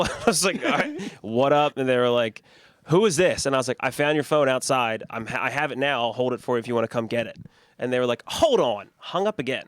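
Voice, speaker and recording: A man's voice: mid-range voice, fairly bright tone, smooth, no echo, studio quality. Young man telling rambling stories. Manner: rambling storyteller, laughs often. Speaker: podcast host. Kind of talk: casual chat.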